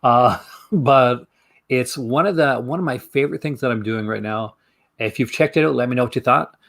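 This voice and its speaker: A man chats casually to camera as the host of a film review channel. His talk is rambling and chatty, his pitch sits in an ordinary middle range, and he laughs easily between thoughts. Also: moderate pace, creaky, fairly bright tone.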